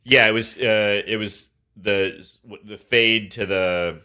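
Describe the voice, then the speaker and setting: A man's voice: lowish voice, steady tone, takes it slowly, pushed and bright, smooth. A man co-hosting a sports podcast, rambling casually with frequent restarts and swearing. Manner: laid-back, profane, rambling with restarts. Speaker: podcast co-host.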